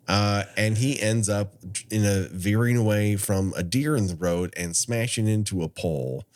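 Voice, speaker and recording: A man's voice: lowish voice, moderate pace. A man co-hosting a podcast, recapping a horror film in casual chat with wry asides and frequent laughs. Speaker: podcast co-host.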